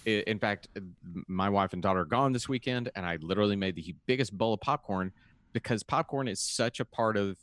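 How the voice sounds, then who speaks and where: A man's voice: lowish voice, brisk, fairly bright tone, no echo. A man co-hosting a casual podcast chat, earnest with dry jokes, often stumbling over his first words. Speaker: podcast co-host.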